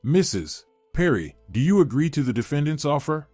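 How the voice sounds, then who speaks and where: A stern, composed woman judge, firm and measured, as a male storyteller reads her. Her lines carry an animated, varied pitch. The voice is dry and close, with faint music under it. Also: no echo. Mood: formal.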